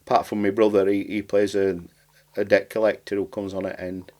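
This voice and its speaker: Talking fairly quickly in a lowish, mellow voice with little pitch movement, a podcast guest meanders through casual interview chat. He is a writer and comedian from Barnsley, South Yorkshire, and speaks in broad dialect, dropping words.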